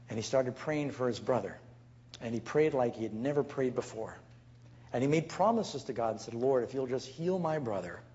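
A man's voice: medium pitch, darkish tone, muffled recording. A man preaching as a pastor, telling stories and acting out the people he quotes. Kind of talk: sermon.

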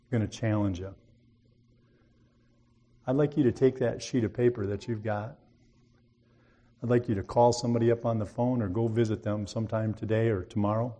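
A man's voice: lowish voice, fairly even intonation, moderate pace, long pauses, mellow. A man preaching a sermon, telling a story in a folksy, earnest way and rising to emphatic appeals.

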